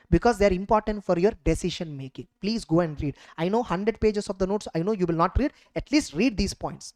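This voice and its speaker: A woman's voice: mid-range voice, fairly quick, hardly any pauses, a little mellow, no echo. A woman teaching an exam revision lecture, emphatic and constantly checking understanding with rhetorical questions.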